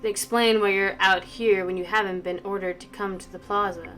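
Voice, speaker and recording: A woman voicing a stern, menacing knight who speaks in a calm, level, commanding tone while playing a story game. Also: mid-range voice, normal speed, soft background music, close to an everyday voice. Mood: cold commanding.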